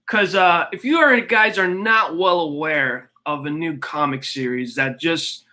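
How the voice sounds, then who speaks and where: A man's voice: on the high side, unhurried, bright, forceful tone. A young man chatting casually to his livestream viewers, rambling with many fillers. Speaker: streamer.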